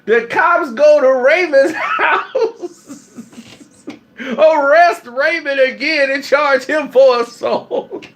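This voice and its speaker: A man telling a funny story, laughing often and acting out the people in it with shouted lines. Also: extremely high pitch, slow. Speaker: channel host telling a story. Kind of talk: animated comic storytelling.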